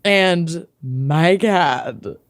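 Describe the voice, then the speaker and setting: A woman's voice: low voice, animated, drawn-out words. A woman co-hosting a podcast in casual chat, playful and chatty, stretching words for emphasis. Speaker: podcast co-host.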